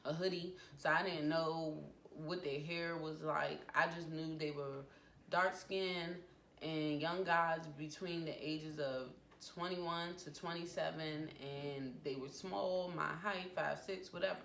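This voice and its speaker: A woman's voice: low voice, steady tone, slow pace, vocal fry, a bit bright. A woman in her twenties telling a personal story at home in a vlog, talking it through with feeling and acting out the quotes. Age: 20s. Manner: emotional retelling with acted-out quotes. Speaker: vlogger. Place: home room. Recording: echoey room with faint background noise. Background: family noise from downstairs.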